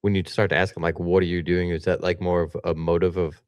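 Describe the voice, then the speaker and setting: Deep, quick male host, dry close sound, short affirmations and questions. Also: little pitch movement, clear, resonant tone, dry recording. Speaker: podcast host. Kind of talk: casual interview.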